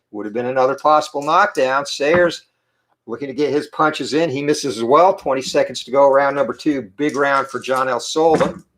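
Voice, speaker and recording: A man with a slightly hoarse morning voice, giving play-by-play commentary on a tabletop boxing game and calling out each roll in short clipped phrases. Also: on the high side, a bit bright. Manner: calls each dice roll and punch count in quick clipped phrases.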